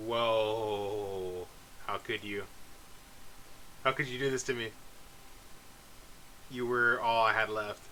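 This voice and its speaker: A man's voice: fairly low pitch, sharp tone, a little hiss or hum, rough recording. A man reading aloud the lines of an obsessive, clingy young woman game character, with little change of voice. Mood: bitter.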